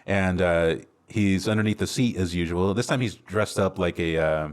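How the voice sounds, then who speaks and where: A man co-hosting a podcast, casually retelling a film's plot with lots of fillers and quick acted-out lines. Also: low voice. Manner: rambling recap with many fillers and laughs. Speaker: podcast co-host. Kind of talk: casual movie recap chat.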